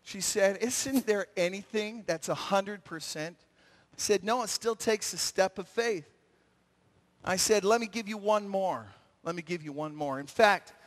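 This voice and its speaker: A man giving an animated sermon at a retreat, telling stories with shouts and acted-out voices. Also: sits high. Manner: lively storyteller acting out scenes with shouts. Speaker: retreat speaker. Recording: long hall reverb.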